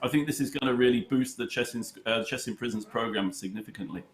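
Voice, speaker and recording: A middle-aged man from the United Kingdom, a chess charity head, answering interview questions in a halting, storytelling way with many fillers. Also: medium pitch. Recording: roomy echo.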